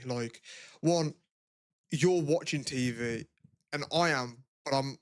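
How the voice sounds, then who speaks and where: A young podcast co-host chats casually, rambling with lots of fillers and swearing. His fairly high-pitched voice moves at normal speed, with clean studio sound and no echo.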